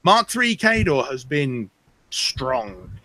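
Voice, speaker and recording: A man's voice: medium pitch, sing-song, takes it slowly, pushed and bright. A man co-hosting a gaming podcast, patiently explaining game rules with hesitant ums. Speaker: podcast co-host. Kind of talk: casual gaming chat.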